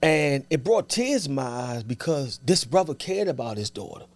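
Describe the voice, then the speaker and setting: A man from Washington, DC, a podcast guest telling his story in relaxed slang and acting out what others said. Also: mid-range voice, moderate pace. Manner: animated storyteller who acts out other people's words. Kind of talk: casual storytelling interview.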